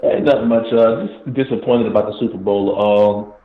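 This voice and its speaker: A man in his late thirties calling into a sports show, relaxed and hesitant, with frequent fillers. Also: mid-range voice, brisk. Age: 30s. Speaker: caller. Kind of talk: phone-in sports talk. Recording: echoey tinny phone line.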